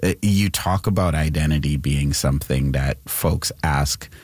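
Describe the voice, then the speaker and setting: Deep-voiced guy hosting an interview, dry close mic, friendly, laughs easily. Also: unhurried, a little mellow, no echo. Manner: friendly, laughs easily, asks long questions. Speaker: radio interview host. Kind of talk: radio interview.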